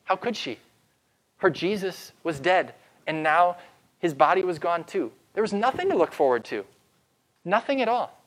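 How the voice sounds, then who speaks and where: A man preaching as pastor, retelling a story with dramatic pauses and slowing down for emphasis. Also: high voice, lively intonation. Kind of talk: sermon.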